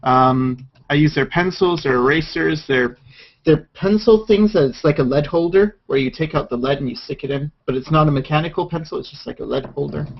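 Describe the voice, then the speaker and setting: A man's voice: fairly high pitch, brisk, vocal fry, breathy edge. A man hosting a casual livestream chat with friends, laid-back, chatty and joking, talking over a computer mic. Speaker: stream host. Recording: dull lo-fi stream audio with faint hiss.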